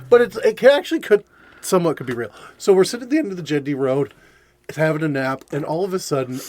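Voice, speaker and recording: Animated storytelling man, lively pitch. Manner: swearing, laughing, acting out his own shouts. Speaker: podcast guest. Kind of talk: casual storytelling.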